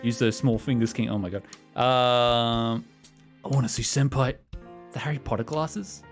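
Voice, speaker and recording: A man's voice: medium pitch, steady tone, moderate pace. A young man casually commenting while streaming a visual novel, chatty and joking. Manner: jokey, chatty, laughing often. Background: music.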